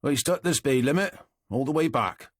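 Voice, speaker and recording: A man's voice: medium pitch, animated, normal speed, husky, no echo, clean studio sound, voice pushed up. A man voicing a nervous, chirpy getaway driver who answers back defensively.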